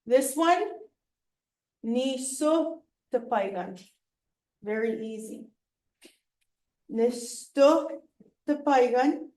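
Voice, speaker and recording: Woman teaching, really slow and careful, a bit higher voice, echoey room. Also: a little mellow. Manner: drills words slowly with pauses. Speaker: language instructor. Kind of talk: classroom teaching. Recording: echoey classroom.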